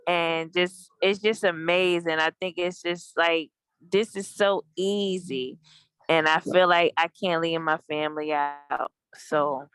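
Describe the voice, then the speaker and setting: A young woman calling in to give a grateful testimony, speaking eagerly and a little rushed. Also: fairly low pitch, fairly even intonation, a bit bright, smooth, no room sound. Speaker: caller. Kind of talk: testimony on a call.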